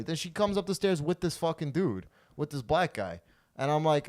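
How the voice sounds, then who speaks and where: A young man, a comedian hosting a podcast, telling a crude story in a loose, animated way and acting out what people said. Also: on the high side, fairly quick. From Toronto, Canada. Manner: animated, crude, acts out quotes.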